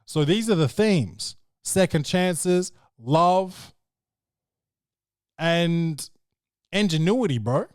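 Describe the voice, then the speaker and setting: A man's voice: on the high side, animated, very slow, pauses often, clear, resonant tone, no room sound, studio quality. A man hosting a podcast, recapping a film in a brash, profane and joking way. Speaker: podcast host. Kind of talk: casual film review chat.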